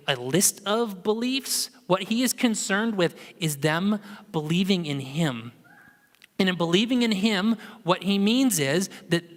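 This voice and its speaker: A man preaching a sermon in a church, in a casual, conversational storytelling manner. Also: fairly high pitch. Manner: conversational, animated storytelling with acted quotes. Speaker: pastor. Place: church sanctuary. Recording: long hall reverb.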